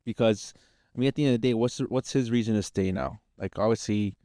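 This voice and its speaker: Young man, podcast co-host, slangy casual chat, mellow dark voice, dry sound. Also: medium pitch, fast talker, dry recording. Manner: loose, slangy, laughs often.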